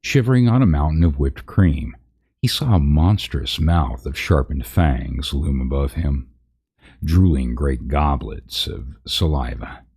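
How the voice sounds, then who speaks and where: A man's voice: rumbling low, animated, a little slow, a little mellow, breathy edge. A man reading a parody fantasy story aloud on a live stream, chatting with viewers and laughing at his own slips.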